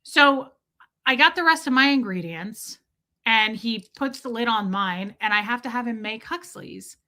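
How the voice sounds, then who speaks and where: Speaking a little slowly in a voice on the high side, a female vlogger relays a story in a relaxed, lively way. She performs the quoted voices and lets curses slip as she gets heated.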